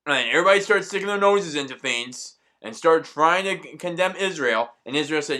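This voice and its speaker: A man's voice: a little high, expressive, brisk, hardly any pauses, bright, forceful tone. A man delivering an angry, profanity-laced ranting monologue as a vlogger.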